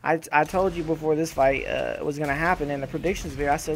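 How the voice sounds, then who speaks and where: Young male host, casual fight recap, profane and animated, slightly high pitch, faint game noise underneath. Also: fast talker, creaky, few pauses. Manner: profane, animated, trash-talking. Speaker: gaming channel host. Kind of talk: casual fight reaction commentary.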